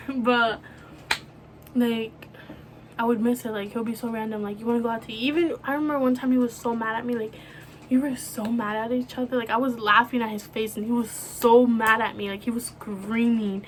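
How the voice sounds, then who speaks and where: A young woman talking to camera about a close friend, speaking softly and haltingly with many fillers. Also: on the high side, steady tone. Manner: soft, halting, full of fillers like "you know". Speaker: vlogger. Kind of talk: emotional personal talk to camera.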